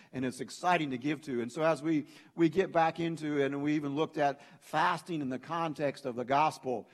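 A pastor preaching a sermon in an emphatic, conversational way, often addressing the congregation directly. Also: male voice, mid-range voice. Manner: conversational preaching, emphatic, frequent "hey" and "you know".

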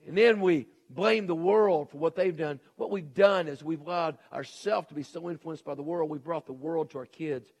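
A middle-aged male pastor preaching a sermon, swinging between shouted emphasis and hushed intensity. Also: fairly high pitch, normal speed, gravelly, hardly any pauses.

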